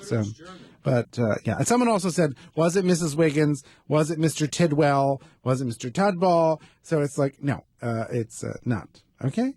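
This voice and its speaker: A man's voice: a little high, expressive, moderate pace, dark tone, breathy edge, dry recording. A man hosting a talk radio show, rambling through campy, self-mocking asides in a studio. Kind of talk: casual talk radio chat. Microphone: studio microphone.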